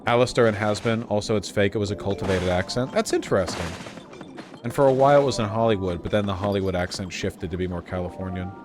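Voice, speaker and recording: A man's voice: on the low side, fast. An American man chatting casually and joking as he streams a video game. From United States. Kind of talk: casual gameplay commentary. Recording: game music playing behind.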